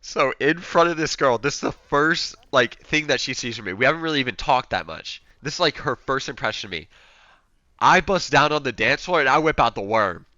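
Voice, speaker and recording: A man's voice: mid-range voice, brisk, no room sound, dull audio. A young man telling a story in a loose, rambling way, acting out what people said. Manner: rambling, animated, acts out quotes. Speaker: streamer. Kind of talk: casual storytelling.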